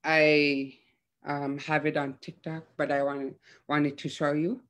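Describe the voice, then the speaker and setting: A young woman teaching throat singing in a gentle, hesitant way, with many fillers. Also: sits low, little pitch movement, slow. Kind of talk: casual spoken lesson with demonstrations.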